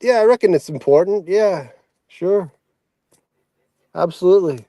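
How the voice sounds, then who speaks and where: A man's voice: high voice, expressive, a little slow, warm tone, dry recording. Rambling opinionated guest, man. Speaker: regular guest. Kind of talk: casual livestream chat.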